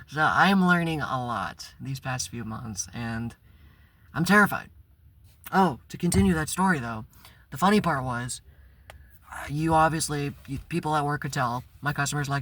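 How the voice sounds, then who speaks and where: A man's voice: fairly high pitch, brisk, pushed and bright. A man telling a personal story in a casual, rambling vlog, swearing and breaking into bursts of exasperation. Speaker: spiritual vlogger.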